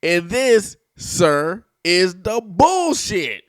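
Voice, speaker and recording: A man giving casual vlog commentary, animated and laughing often as he reacts to a clip. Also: medium pitch, normal speed, dry recording. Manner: animated, laughs often, talks back at clips.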